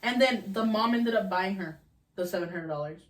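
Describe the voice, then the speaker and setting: A 21-year-old woman hosting a casual podcast, telling stories in an animated way and swearing freely. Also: mid-range voice, moderate pace. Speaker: podcast host.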